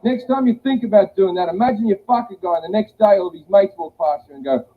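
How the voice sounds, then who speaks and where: A man's voice: high-pitched, fast talker. A man performing a blunt, profane stand-up comedy set. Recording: tinny phone-like audio with faint hiss.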